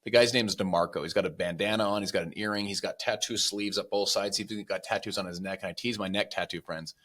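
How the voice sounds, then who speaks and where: Speaking quickly as a guest on a podcast, this man shares motivational stories earnestly, doing animated impressions of those he quotes. His voice is very deep yet bright and forceful at the edge.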